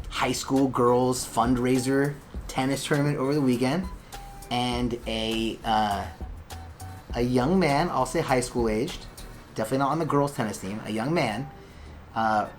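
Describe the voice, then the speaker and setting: A chatty Californian man hosting a casual vlog from his law office. He rambles and jokes in a mid-pitched voice. Faint music plays behind him. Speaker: lawyer and vlog host.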